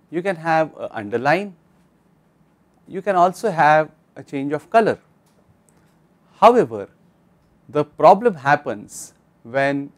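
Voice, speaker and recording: An Indian English-accented man teaches a recorded online course lesson. His voice sits a little high, and he speaks instructively, often turning to address the viewer directly. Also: darkish tone. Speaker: lecturer.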